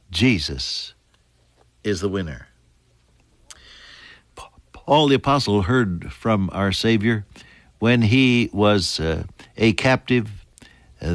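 An older man preaching a sermon, swinging between soaring emphasis and hushed, near-whispered lines. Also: mid-range voice, dry recording. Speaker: pastor.

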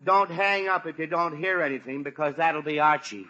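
A man's voice: a little high, normal speed, bright, forceful tone, highs cut off. An actor playing a weary, irritable middle-aged father in an old-time radio sitcom, sighing in exasperation. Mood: exasperated weary. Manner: exasperated, sighs "oh, me".

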